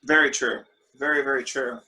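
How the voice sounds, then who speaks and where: A man leading an online worship discussion over a video call, telling stories in a relaxed way with fillers. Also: medium pitch, normal speed, low-quality recording. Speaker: group discussion leader.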